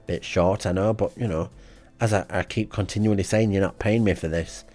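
A man reading out a comic diary in a deadpan, rambling way. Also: low voice, fairly quick. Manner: deadpan and rambling, with frequent ums. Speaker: comedy podcast host.

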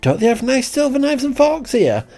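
A man's voice: very high voice, sing-song, moderate pace, mellow, soft background music, voice pushed up, heavily acted. A man voicing a chatty woman who rambles on about every passing thought. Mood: prattling. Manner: rambling, prattling. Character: chatty woman who never stops talking.

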